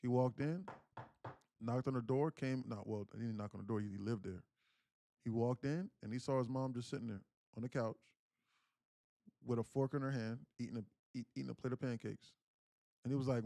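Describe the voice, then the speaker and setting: A man's voice: medium pitch, a little fast, creaky, long pauses, dark tone, no echo, studio quality. A man around thirty, a livestream host, earnestly telling a personal family story and often repeating his phrases. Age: 30s. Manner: earnest, candid, repeats himself while recounting. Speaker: day trading livestream host.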